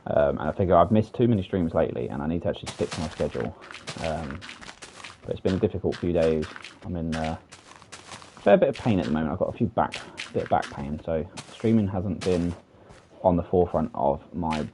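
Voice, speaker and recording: A man's voice: low voice, lively intonation, fairly quick, dark tone, slight background noise. A British man streaming a building game, chatting casually with a self-deprecating, rambling manner and lots of fillers, recorded on a desk microphone. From United Kingdom. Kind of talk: casual gameplay commentary.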